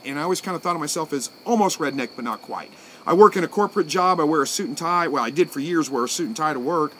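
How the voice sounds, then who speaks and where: A man, hosting a live stream and answering viewer comments in a relaxed, folksy way that thinks out loud. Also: on the high side, slight background noise. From Southwest Missouri, USA. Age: 40s.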